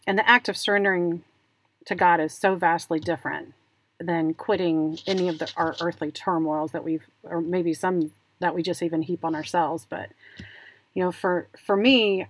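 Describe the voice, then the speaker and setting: A woman's voice: fairly low pitch, dry recording. A woman telling a candid, self-deprecating story about a hard moment as a parent, laughing at herself. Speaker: parent, conversation guest. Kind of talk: candid personal story in conversation.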